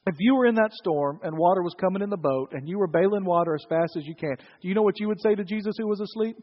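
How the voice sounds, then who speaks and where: A man's voice: high voice, quick pace, hardly any pauses. A man preaching a sermon, joking with the congregation in a conversational way. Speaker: pastor. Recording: dull sound in a reverberant hall.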